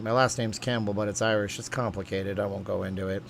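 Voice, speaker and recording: A man's voice: fairly low pitch, level tone, fairly quick, creaky, few pauses, slight background noise. A man hosting a casual livestream, reading viewer comments aloud and rambling from topic to topic with lots of fillers. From USA. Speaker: livestream host reading chat.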